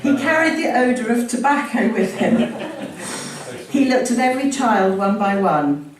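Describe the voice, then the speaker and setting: A woman's voice: on the high side, animated, moderate pace, crowd noise. A woman chatting casually and reading a story aloud from a book, laughing and correcting herself as she goes. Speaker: reader sharing a family story. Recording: echoey room from far off, faint ambience.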